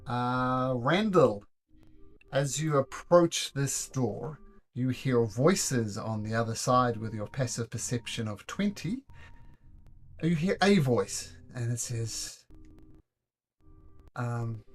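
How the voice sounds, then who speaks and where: A man narrating as game master of a tabletop game in a relaxed, casual way. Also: medium pitch, slow, pauses often.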